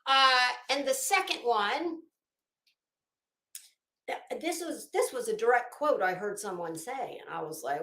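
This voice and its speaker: A chatty middle-aged woman with a Florida Southern accent hosts a casual livestream, greeting each viewer by name and cursing now and then. Her voice sits a little high for a woman. The sound has the echo of a roomy space. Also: animated, unhurried, pauses often, a bit bright. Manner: chatty, frank, swears freely, greets chat by name. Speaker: livestream host.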